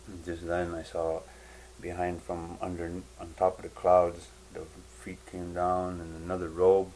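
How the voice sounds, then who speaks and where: A man giving a personal spiritual testimony in a halting, rambling way, full of fillers and restarts. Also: low-pitched, monotone, a little mellow, slight background noise, rough recording.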